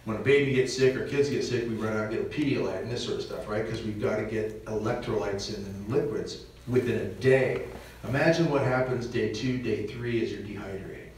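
A man giving a lively parish mission talk on preparedness, joking and acting out little scenes for the audience. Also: lowish voice, fairly quick, slight background noise. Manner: animated, jokey, acts out little scenes. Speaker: visiting speaker on preparedness. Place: church hall. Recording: echoey church, recorded from far off.

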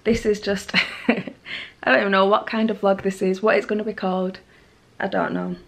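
A woman chats straight into her camera from home, her voice at an ordinary middle pitch. She rambles freely from one thought to the next and laughs at her own waffling. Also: level tone, moderate pace, creaky. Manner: rambling, chatty, self-deprecating. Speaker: lifestyle vlogger. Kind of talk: casual talk to camera. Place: at home, indoors. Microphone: handheld camera mic.

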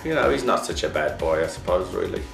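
A man with an Irish accent playing Jesus as a rambling, halting father being interviewed on a reality show, in a comedic film. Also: sits low, expressive, vocal fry, roomy sound, music in the background, full character voice. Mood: earnest. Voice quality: halting, rambling, full of restarts. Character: Jesus as a rambling middle-aged dad.

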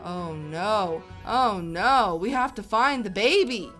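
A woman's voice: mid-range voice, unhurried, hardly any pauses, faint music behind. A woman hosting a Minecraft let's play, cooing at her animals in baby talk and fretting aloud when she gets lost. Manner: excitable, baby-talking to animals, swings from cooing to panicked muttering. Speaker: gaming channel host.

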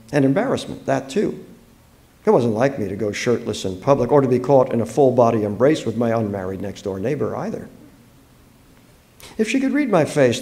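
At a book fair, an American author reads his own fiction aloud to the public in an expressive, dramatic style. His voice is medium-pitched and gravelly.

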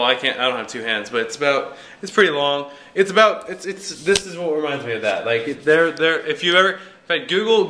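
Young male vlogger, bright tone, loose rambling delivery, self-deprecating humor. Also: medium pitch. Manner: rambling, jokey and self-mocking, with many fillers. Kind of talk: casual vlog chat.

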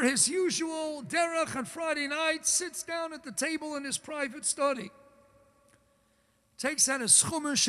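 Male rabbi, very high bright voice, dramatic storytelling in a booming synagogue hall. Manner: dramatic storyteller, acts out the characters. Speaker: rabbi giving a talk. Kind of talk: sermon storytelling. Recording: reverberant hall.

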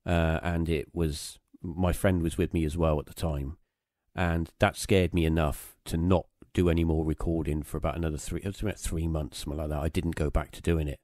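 Man, very low voice, dry close sound, rambling anecdotal podcast talk. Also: level tone, a little fast, a little mellow, dry recording. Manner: rambling anecdotal storytelling with many fillers. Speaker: podcast host. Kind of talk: casual conversation, storytelling.

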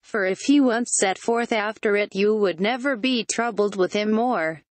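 A woman's voice: medium pitch, normal speed, dry recording, lightly acted. A synthetic woman's voice reading the lines of a bold, earnest young hero in a forthright way, for a text-to-speech audiobook.

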